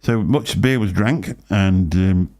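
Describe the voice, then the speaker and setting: A man's voice: low voice, slow pace, darkish tone. An older man hosting a casual livestream chat, telling stories and laughing often. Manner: chatty anecdotal storyteller, laughs often. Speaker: show host.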